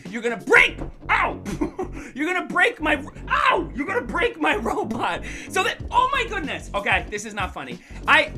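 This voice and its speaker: A woman's voice: a little high, sharp tone. A woman presenting a playful online show for children, coaxing them to join in and talking straight to them. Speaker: kids' show presenter and magician. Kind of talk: lively online kids' workshop.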